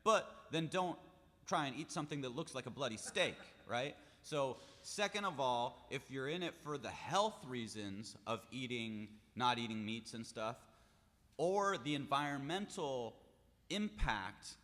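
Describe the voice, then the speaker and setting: Man, bright and forceful tone, casual chatter with stammers, hall reverb. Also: mid-range voice, expressive, measured pace. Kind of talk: casual chat.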